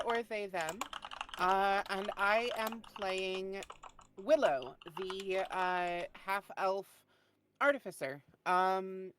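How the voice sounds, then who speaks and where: A woman's voice: medium pitch, noisy background. A woman with a Southern accent chatting casually, bubbly and a little scattered. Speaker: player. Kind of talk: casual chat.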